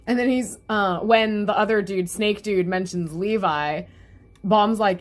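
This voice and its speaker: A woman's voice: medium pitch, measured pace. Young woman reviewing a webcomic chapter, giggly and chatty, does little voices for the characters.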